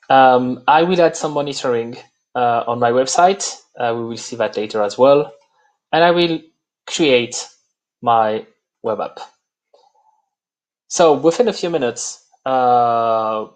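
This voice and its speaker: A man with a French accent, a native French speaker, walking through a live software demo and pausing often on "uh". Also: medium pitch. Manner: halting, many "uh" fillers. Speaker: presenter.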